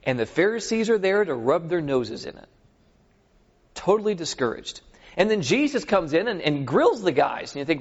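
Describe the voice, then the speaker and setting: A man preaching a sermon, telling scripture stories with animated retellings and checking in with his listeners. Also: fairly high pitch, normal speed, breathy edge. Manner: animated storytelling, acts out scripture scenes; asks the audience for agreement. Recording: dull lo-fi recording.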